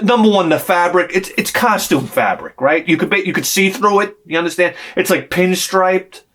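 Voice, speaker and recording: A man's voice: on the high side, a bit bright. A middle-aged man, telling a comic story in a vlog, swearing freely and acting out the voices he quotes. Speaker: vlogger.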